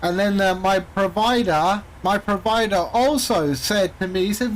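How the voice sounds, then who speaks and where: Male streamer, high voice, casual rambling storyteller with chuckles. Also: measured pace, few pauses, slight background noise, poor audio. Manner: rambling storyteller, chuckles often, acts out callers. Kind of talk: casual chat while streaming a flight sim.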